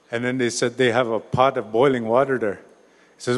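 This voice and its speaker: A man telling a traditional story to a live gathering, speaking loosely with many restarts and a few drawn-out soft asides. His voice sits at a middling pitch, and a long hall reverb trails behind it. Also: level tone. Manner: informal, restarts words, says "eh". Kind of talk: oral storytelling talk.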